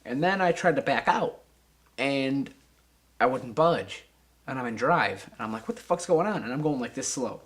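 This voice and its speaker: A young man being interviewed, telling a casual, animated and profane anecdote and acting out the voices of the people in it. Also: medium pitch, moderate pace. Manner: animated, profane, acts out voices and sound effects.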